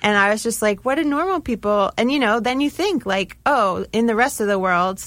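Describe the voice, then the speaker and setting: A woman's voice: medium pitch, moderate pace, fairly bright tone, no echo. A woman who co-owns a vegan diner, chatting casually and telling a story full of "like" and acted-out quotes. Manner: chatty, fills with "like" and quoted asides. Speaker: chef and diner co-owner.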